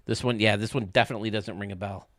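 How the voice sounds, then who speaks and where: A man's voice: lowish voice, fairly even intonation, racing, a bit bright, no room sound. A male streamer chatting casually with his viewers while gaming, joking and swearing freely.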